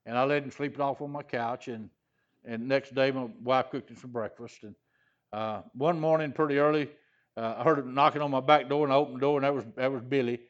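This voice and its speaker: A man's voice: mid-range voice, fairly even intonation, a little fast, highs cut off. An older man from Louisiana preaching a sermon, telling a personal story in a folksy, rambling way full of "he said" and "uh". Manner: folksy, repetitive "he said" storytelling with frequent "uh" fillers. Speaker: pastor.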